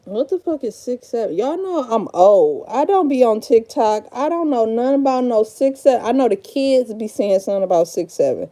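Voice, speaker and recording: A woman's voice: fairly high pitch, lively intonation, normal speed, few pauses, dark tone. A woman in her thirties in casual livestream chat, rambling, swearing and frazzled as she talks to herself while sorting out a room. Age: 30s. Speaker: live streamer.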